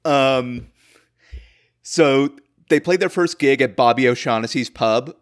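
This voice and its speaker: A man's voice: mid-range voice, slow pace. A man hosting a comedy history podcast, rambling through a made-up story with lots of fillers and chuckles. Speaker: podcast host.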